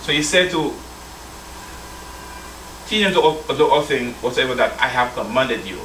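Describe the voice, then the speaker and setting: A male church elder delivers a sermon at normal speed, his medium-pitched voice animated and fairly bright. He reads from scripture, speaks to the brethren, and poses questions for them to answer back. There's slight background noise, and the distant mic makes it sound roomy.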